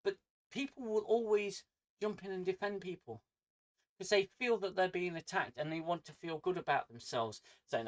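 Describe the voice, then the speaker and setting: A man's voice: sits high, moderate pace. A man with an angry manner who swears a lot, ranting casually on his livestream from home. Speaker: streamer.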